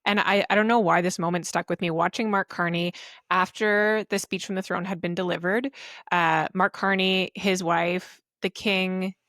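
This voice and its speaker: A woman's voice: lowish voice, flat delivery, normal speed, fairly bright tone, no echo. A woman co-hosting a podcast in casual chat from a hotel room, with a dry, wry humor. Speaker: podcast co-host.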